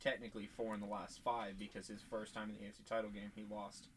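A man's voice: on the low side, flat delivery, fast, background noise. A young man co-hosting a sports podcast, opinionated, casually swearing and rattling off stats. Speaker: podcast co-host.

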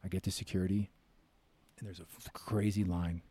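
Brief: young American guy, low pitch, lively storyteller who acts out voices. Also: brisk, slightly rough, no room sound. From United States. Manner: animated storyteller, acts out quoted voices loudly. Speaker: podcast guest, author. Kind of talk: casual storytelling.

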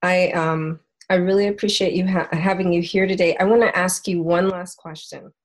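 A woman hosting an interview, warmly enthusiastic and encouraging toward her guest. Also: lowish voice, steady tone, normal speed. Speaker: interviewer, host. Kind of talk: casual interview chat.

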